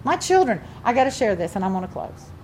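A woman's voice: fairly high pitch, very animated, quick pace, darkish tone, a little hiss or hum. Fervent older woman preaching a sermon. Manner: fervent, preaching with rising emphasis. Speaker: pastor.

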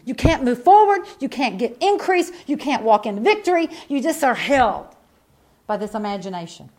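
Animated woman preaching. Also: a little high, normal speed. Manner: folksy storytelling with sudden loud emphatic bursts and hushed asides. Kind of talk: sermon.

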